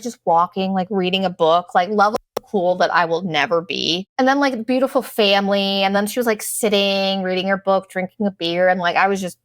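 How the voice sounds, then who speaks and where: A middle-aged woman tells a long casual travel story in a chatty, rambling way. She's sarcastic and leans on "like" constantly, at a middling pitch. The recording is dry and close, with no room sound. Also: a bit bright, no echo. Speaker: podcast host.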